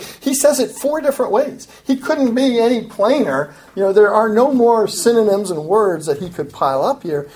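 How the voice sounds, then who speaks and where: A woman's voice: animated, normal speed, hardly any pauses, a little mellow. A woman preaching a sermon in an emphatic teaching style, often restarting phrases. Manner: emphatic, rises in pitch for quoted lines, frequent restarts. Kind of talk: expository sermon.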